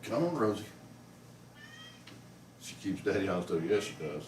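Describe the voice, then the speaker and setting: A man's voice: deep voice, very animated, moderate pace. A man tells a rambling story at home and coos at his cat in a casual vlog. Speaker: pet vlogger. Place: living room at home. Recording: roomy, mic at a distance, faint noise.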